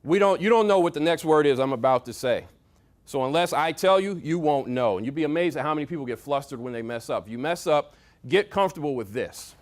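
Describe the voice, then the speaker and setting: A man giving a lively motivational talk to a workshop audience, coaching them with sports analogies, repetition and swings in loudness. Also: a little high, fast. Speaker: speaker at a leadership workshop. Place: meeting room with audience.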